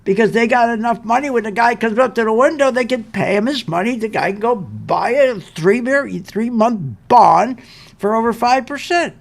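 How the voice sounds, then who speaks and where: An older man hosting an investment show rants in exasperation, emphatically repeating his points. His very high-pitched, creaky voice carries lively intonation at a normal speed.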